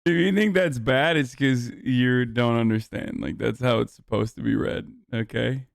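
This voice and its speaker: Brash, profane streamer, crisp dry voice. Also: male voice, mid-range voice, fairly even intonation, moderate pace, dry recording. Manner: brash, profane, joking asides. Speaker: streamer reacting to clips. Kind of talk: casual live-stream commentary.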